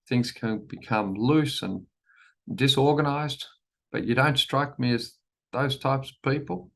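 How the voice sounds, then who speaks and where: A man with a gravelly, fry-edged voice of ordinary pitch delivers a formal shareholder presentation. He speaks in a measured, deliberate way, circling back to the same phrases and often restarting mid-sentence with an "um". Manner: measured, repeats key phrases, frequent restarts and ums. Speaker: company chief executive presenting to shareholders.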